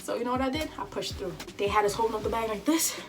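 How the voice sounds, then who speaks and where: A young woman telling an animated, chatty storytime vlog with advice for listeners. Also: a little high, fast talker. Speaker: vlogger. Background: faint background music.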